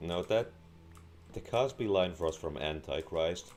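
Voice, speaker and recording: A young man with a sore throat and a deep, raspy voice, giving deadpan gameplay commentary. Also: unhurried. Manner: deadpan, crude jokes. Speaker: gamer. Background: faint game music and keyboard typing.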